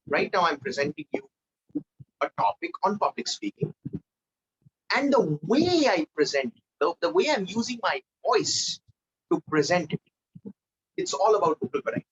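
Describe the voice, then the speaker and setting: A man leading a live online public speaking training, energetic and animated, swinging between loud and soft for emphasis. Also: high voice, moderate pace, breathy edge, dull audio.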